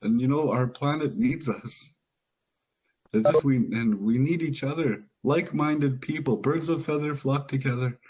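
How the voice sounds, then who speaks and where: A man's voice: medium pitch, moderate pace, few pauses, noisy background. A man hosting an online event, earnest and effusive, a little flustered and often restarting his sentences. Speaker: event host. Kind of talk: emotional live event hosting.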